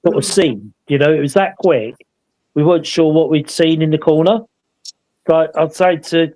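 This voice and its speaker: Man, slightly high voice, casual rambling storyteller, tag questions. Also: normal speed, a little mellow, low-quality recording. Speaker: paranormal investigator co-hosting a live show.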